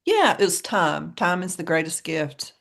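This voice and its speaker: A woman's voice: lowish voice, very animated, a little slow, creaky, a bit bright. A woman from the American South with a Southern accent, co-hosting a podcast in casual chat and laughing often as she tells stories. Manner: chatty storyteller, laughs often. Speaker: podcast co-host.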